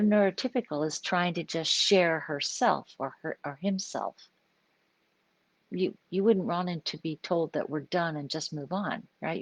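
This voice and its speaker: A woman's voice: on the low side, no echo. An older woman, a psychologist, talking informally in a live stream, explaining ideas and often checking in with "right?". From US Pacific Northwest. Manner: conversational, explaining with frequent "right?" check-ins.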